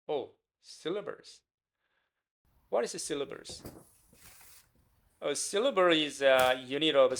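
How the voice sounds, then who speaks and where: A man with a Korean accent teaching a beginner language lesson, speaking slowly and repeating words for learners. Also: fairly high pitch, fairly bright tone. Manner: slow, repetitive, encouraging teacher talk.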